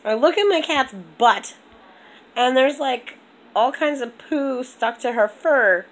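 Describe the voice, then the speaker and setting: Young woman vlogging at home, slow rambly talk, throat kinda congested, bit of hiss. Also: sits high, poor audio. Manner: rambling, animated storytelling with lots of "like". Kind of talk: casual vlog chat.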